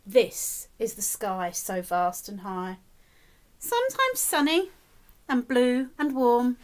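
A woman teacher reading a picture book aloud to children, animated, with gasps and asides to her young listeners. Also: a little high, slow. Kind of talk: expressive storybook read-aloud for children.

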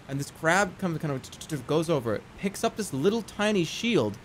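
Animated high-voiced male streamer. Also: fast, slight background noise. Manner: animated storytelling, swings from mumbles to yelps. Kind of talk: casual gameplay commentary.

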